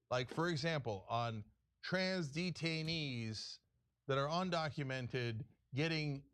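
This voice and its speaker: A man hosting a political talk show, delivering heated, emphatic commentary with sarcastic asides. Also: a little high.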